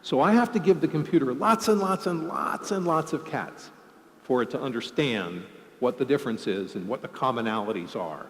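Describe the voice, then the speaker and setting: A man's voice: medium pitch, animated, normal speed. A man giving a conference keynote, joking and explaining with everyday examples. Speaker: conference speaker. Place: large conference hall. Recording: long hall reverb.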